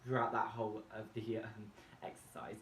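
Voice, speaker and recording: Man explaining vocal warm-ups, echoey room. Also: fairly low pitch, completely flat delivery, normal speed, a little hiss or hum. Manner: explains each step plainly. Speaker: singing tutorial presenter. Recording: echoey room, distant mic, faint music. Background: faint backing music from a laptop.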